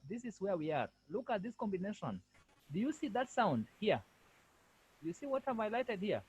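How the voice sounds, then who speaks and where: A man's voice: high voice, very animated, normal speed, husky. A male French language lecturer giving an online lesson over a video call, repeating himself and firmly correcting students. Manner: repetitive, firm corrections.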